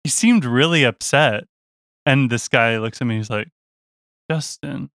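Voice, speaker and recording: A young man with a bright, forceful voice tells a tale in easy conversation. He acts out the people he quotes and laughs through the odd parts. The sound is dry and close. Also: medium pitch, moderate pace, dry recording. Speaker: touring musician guest. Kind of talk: casual storytelling.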